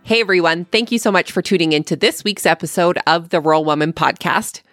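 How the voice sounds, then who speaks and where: A woman's voice: on the low side, fairly quick, a bit bright, no room sound, soft background music. Upbeat Canadian woman podcast host. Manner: upbeat, chatty promo reading. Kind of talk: podcast intro and interview.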